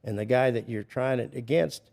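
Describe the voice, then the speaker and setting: Seasoned male trial lawyer, older, gravelly voice, makes his point firmly. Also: medium pitch, normal speed, darkish tone. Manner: emphatic, explains with examples. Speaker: veteran criminal defense attorney. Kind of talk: casual podcast conversation.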